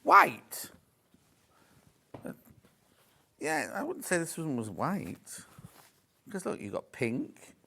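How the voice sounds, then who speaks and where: A man's voice: on the high side, wildly swooping pitch, slow, long pauses, bright, forceful tone, husky. A man presenting a live shopping channel show from a studio, chatty and jokey, selling fabrics and reading out viewer messages. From United Kingdom.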